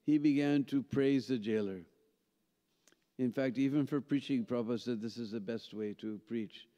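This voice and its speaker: A man tells a lively story at a seminar. He pauses often with a questioning "hmm?" to keep his listeners with him. His voice sounds dark and mellow, and it carries a long hall reverb on a dull, muffled recording. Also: medium pitch. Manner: animated storyteller, frequent "hmm?" and "huh?" checks to listeners. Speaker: seminar speaker. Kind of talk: storytelling lecture. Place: temple hall.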